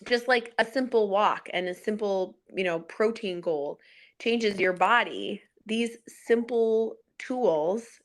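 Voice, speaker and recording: A woman's voice: mid-range voice, takes it slowly. A woman hosting as a life coach, talking in a reflective, encouraging way in casual conversation.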